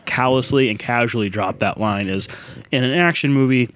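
A man's voice: mid-range voice, moderate pace, a bit bright. A man co-hosting a podcast, explaining at length in casual chat and laughing now and then. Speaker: podcast co-host.

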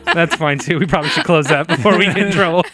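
A man's voice: fairly high pitch, fast talker, bright, forceful tone. A man co-hosting a casual chat, laughing constantly and swearing. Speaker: podcast co-host. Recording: faint music behind.

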